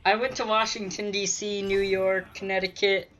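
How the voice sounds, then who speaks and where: A man's voice: high-pitched, little pitch movement, moderate pace. A teenage boy co-hosting a gaming chat, joking and teasing his friend. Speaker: gaming channel co-host. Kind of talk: casual chat over a game call.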